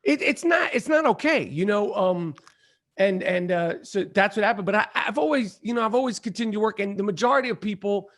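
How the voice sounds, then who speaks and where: A middle-aged man, an actor and comedian, chatting as a podcast guest in a profane, emphatic, animated way. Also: sits high, fairly quick. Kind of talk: casual podcast chat.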